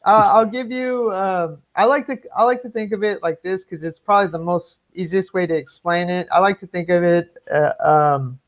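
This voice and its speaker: A fairly high-pitched man speaks over a video call in dull, lo-fi audio. He rambles with many fillers and restarts as he explains his work. His voice sometimes cracks from long talking. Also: normal speed, few pauses. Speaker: guest comic artist. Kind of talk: casual interview chat.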